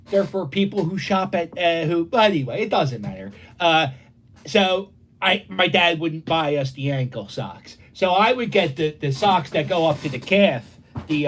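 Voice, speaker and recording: A middle-aged man rambles through stories at his dining room table, acting out the other voices as he goes. His pitch swings widely and sits a bit high for a man. A faint hum of room noise stays behind him. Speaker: live stream host. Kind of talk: casual rambling storytelling.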